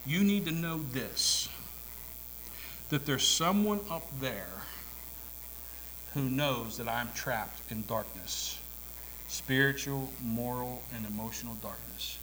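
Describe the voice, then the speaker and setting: A man preaching a sermon in a church, swinging between hushed whispers and loud, climactic calls. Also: mid-range voice, lively intonation, slow, long pauses, a little hiss or hum, poor audio. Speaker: pastor. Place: church sanctuary.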